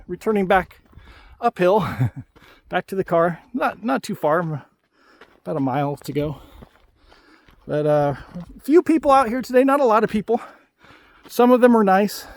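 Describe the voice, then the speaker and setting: Man, higher voice, outdoor hiking vlogger, casual advice and gripes. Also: a little mellow. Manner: chatty, ranting friendly advice. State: out of breath after a hike. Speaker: travel vlogger. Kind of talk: casual vlog talk while hiking.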